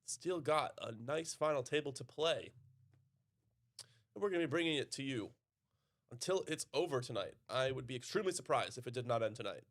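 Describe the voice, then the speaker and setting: American man, poker commentary, easygoing banter, mid-pitched voice. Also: lively intonation, a little fast. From United States. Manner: laid-back, laughs often, casual banter. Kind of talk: live poker stream commentary.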